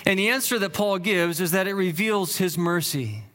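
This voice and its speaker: A man's voice: high-pitched, normal speed, a bit bright. A pastor preaching an expository sermon, earnest and thinking aloud, often repeating words and lifting his voice to stress key phrases.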